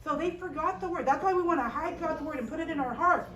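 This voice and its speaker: A young woman telling a Bible story to a children's class, animated and asking the children questions. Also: high-pitched, fast, muffled recording. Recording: echoey room, voice from a distance, faint hiss. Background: children's group.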